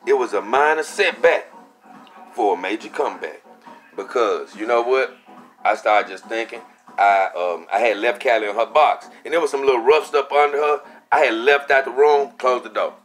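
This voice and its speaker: A young man casually telling a story for his vlog, animated and profane, acting out what he said at the time. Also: mid-range voice, normal speed, faint music behind. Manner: animated, profane, acts out his own quotes. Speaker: vlogger.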